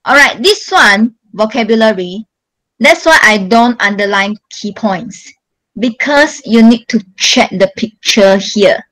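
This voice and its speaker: Slow-speaking woman teacher. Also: fairly high pitch, lively intonation, fairly bright tone, rough recording. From Malaysia. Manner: slow, patient, emphatic instructions to pupils. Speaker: primary school English teacher. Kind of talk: online class exam walkthrough.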